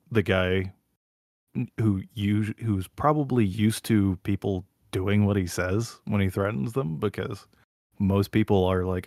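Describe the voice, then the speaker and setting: Casting: man, lower register, animated profane storyteller, dry close sound. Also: dry recording. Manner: animated storyteller who swears freely. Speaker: podcast host. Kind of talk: casual chat, retelling a show scene.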